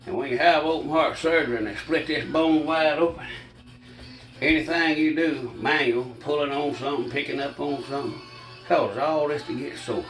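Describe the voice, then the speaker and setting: A man's voice: a little high, normal speed, fairly bright tone, reverberant, distant mic, soft background music, low-quality recording. An older man with a Southern US accent, chatting folksily to viewers as he demonstrates a recipe in his home kitchen, a bit short of breath. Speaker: cooking channel host. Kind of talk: casual home cooking demonstration.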